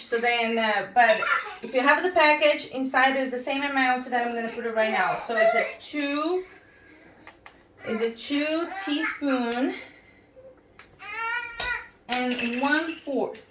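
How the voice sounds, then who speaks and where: A woman with a non-native accent shows how to bake at home, speaking haltingly with many fillers and apologies. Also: high-pitched, noisy background. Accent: non-native English. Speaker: home baking instructor. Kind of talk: casual cooking demonstration. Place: home kitchen. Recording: echoey kitchen, mic far off.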